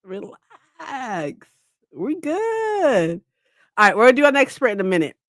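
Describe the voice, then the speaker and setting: A woman's voice: a little high, wildly swooping pitch, unhurried, fairly bright tone, no room sound, clean studio sound. A woman hosting a reading livestream, chatting casually with her viewers, laughing often and teasing them. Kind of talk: casual chat with live chat viewers.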